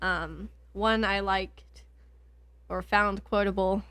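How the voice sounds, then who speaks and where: A woman co-hosting a casual book podcast from her basement, chatty and giggly, quick to get teary. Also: mid-range voice, fairly even intonation, fairly bright tone, smooth, no room sound. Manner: giggly, chatty, easily moved to tears. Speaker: podcast co-host. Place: home basement.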